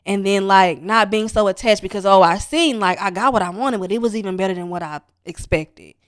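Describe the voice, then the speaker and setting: A woman's voice: mid-range voice, brisk, no room sound. Earnest woman on a dry podcast mic. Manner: reflective, earnest, speaks in spiritual terms. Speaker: podcast co-host. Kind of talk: casual chat.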